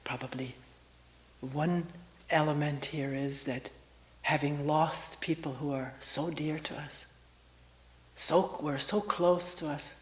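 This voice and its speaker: Slow, soft-spoken older woman teacher. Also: deep voice, poor audio. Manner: slow and searching, with long pauses and often half-whispered. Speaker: meditation retreat teacher. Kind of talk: reflective spiritual talk.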